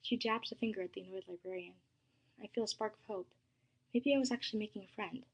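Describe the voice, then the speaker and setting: A woman reads a first-person story aloud, soft and dramatic, with some passages sinking to a hush. Her voice is breathy and airy, at a middle pitch. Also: quick pace, lo-fi sound.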